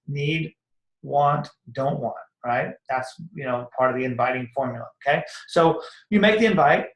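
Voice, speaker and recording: Energetic man coaching in an echoey room. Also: mid-range voice, normal speed. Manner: energetic, rambling, acts out sample dialogues. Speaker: network marketing coach. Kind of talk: casual motivational talk.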